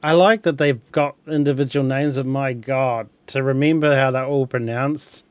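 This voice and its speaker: A man's voice: mid-range voice, steady tone, normal speed, smooth, no echo. A young man chatting casually over a game, rambling, chuckling often and restarting words. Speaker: gameplay streamer. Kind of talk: casual gameplay chat.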